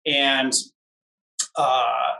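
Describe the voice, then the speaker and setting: An off-road racer tells a casual, rambling story about racing, searching for words and often acting out what others said. His mid-range voice is gravelly and sharp, with flat delivery and drawn-out words, and the rough recording comes from a distant mic in an echoey room.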